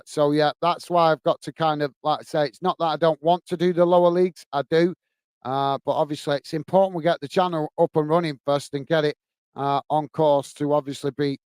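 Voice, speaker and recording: A man from the UK hosting a live football fan stream. He chats casually with viewers, reads out their comments and the scores, fills pauses with "uh" and calls everyone "mate". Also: a little high, clean tone, no room sound. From United Kingdom. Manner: chatty, says "mate" a lot, many fillers.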